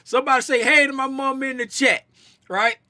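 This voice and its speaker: A man's voice: very high-pitched, fairly even intonation, fairly quick, pushed and bright, dry recording, clean studio sound. A man hosting a casual livestream, joking around and greeting chat viewers by name. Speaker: livestream host and trading educator.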